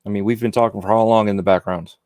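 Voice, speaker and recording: A man's voice: on the low side, fairly even intonation, racing, darkish tone, dry recording. A man talking as a guest on a casual podcast, rambling and repeating himself with many "you know"s. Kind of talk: casual chat.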